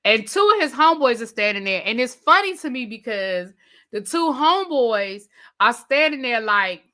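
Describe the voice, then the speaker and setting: A woman hosting a live review, retelling scenes in a lively way and mimicking the people she describes. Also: a little high, moderate pace. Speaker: TV review channel host. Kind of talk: live rant and recap of a reality show.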